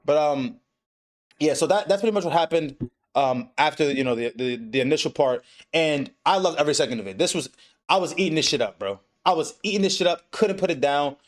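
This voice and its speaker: Male streamer, a bit higher-pitched, swearing and laughing through a loose anime recap at his home setup. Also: a little fast. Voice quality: relaxed, profane, laughs often. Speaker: stream host. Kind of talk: casual anime recap on a livestream. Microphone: desk setup with webcam.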